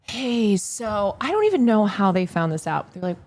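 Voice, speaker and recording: A woman chatting on a livestream in a lively, bouncing voice that swings all over its range. She is playful and theatrical, and her pitch sits in the middle. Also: fast. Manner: animated, playful, breaks into theatrical impressions. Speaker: stream guest. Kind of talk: casual chat on a livestream.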